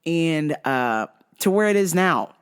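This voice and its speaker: A woman's voice: sits low, slow, clear, resonant tone. A woman hosting a podcast, telling a casual story monologue full of swearing, with mimicked sounds and quoted outbursts. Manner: profane, animated, mimics sounds. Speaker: podcast host.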